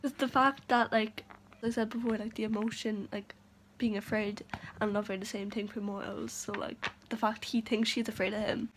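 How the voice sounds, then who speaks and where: A young woman talking through her reading in a casual vlog, gushing and excitable. She fills her sentences with "like" and rushes from one reaction to the next. Her pitch sits in a middling range. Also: slight background noise, low-quality recording. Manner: gushing, excitable, filler-heavy chatter. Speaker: book vlogger. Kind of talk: casual reading vlog with read-aloud passages.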